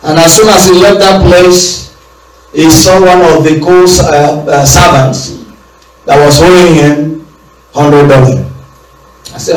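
A man's voice: fairly high pitch, fairly even intonation, takes it slowly, pauses often. A male preacher giving a sermon, repeating his phrases and asking the congregation to answer back. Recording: echoey room, voice from far off the mic.

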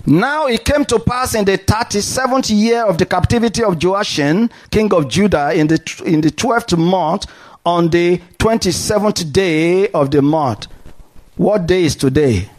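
A high-pitched man preaching a sermon. His delivery is animated and full of call-and-response, rising and falling as he urges the congregation on. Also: unhurried.

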